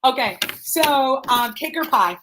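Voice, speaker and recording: A woman realtor hosting a casual live stream interview over a video call, chatty and quick to laugh as she fires off questions. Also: high-pitched, animated, background noise. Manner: chatty, laughs easily, rapid-fire questions.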